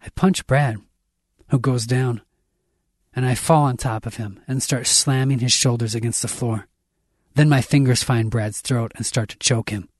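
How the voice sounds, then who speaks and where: A man reading a dark science fiction story aloud, intense and dramatic, raising his voice for the characters' shouts. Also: medium pitch, steady tone, normal speed, no room sound, studio quality. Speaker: audiobook narrator.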